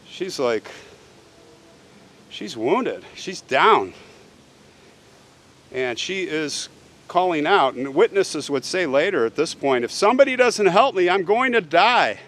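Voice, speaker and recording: A male show host tells a true crime story in a relaxed, conversational manner, regularly asking the listener "right?" His pitch is medium. There's a slight hiss or hum in the recording.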